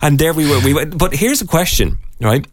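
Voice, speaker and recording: A man's voice: on the high side, animated, brisk, no room sound. A man with an Irish accent, a radio host in his thirties chatting casually and telling jokey stories. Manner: jokey storyteller, acts out voices in anecdotes. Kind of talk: casual podcast banter. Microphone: studio mic.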